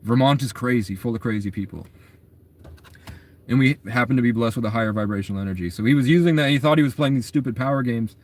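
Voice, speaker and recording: A young man with a mid-range pitch tells a story in a loose, rambling casual monologue at a quick pace. He sounds agitated, running on from one thought to the next.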